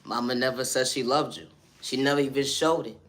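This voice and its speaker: A man of average pitch talks through a loose spoken-word poem. He keeps looping back to the same refrains and repeats phrases for emphasis. His delivery is steady and unpolished. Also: fairly quick. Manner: repetitive refrains, "at the end of the day", "I say that respectfully". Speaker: vlogger.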